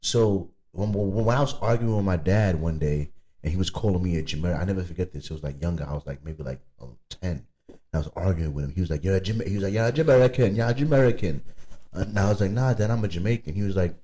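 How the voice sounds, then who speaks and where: A man talks in a loose, drunk podcast chat. His voice is low and mellow. He rambles, repeats words and slides into patois phrases. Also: fast, breathy edge. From United States. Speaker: podcast host. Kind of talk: casual chat.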